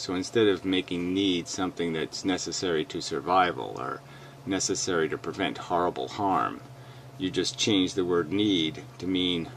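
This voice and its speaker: Deep-voiced blunt man arguing. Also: a bit bright, slight background noise. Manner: blunt, emphatic and dismissive. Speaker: host reacting to a video. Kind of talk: argumentative commentary.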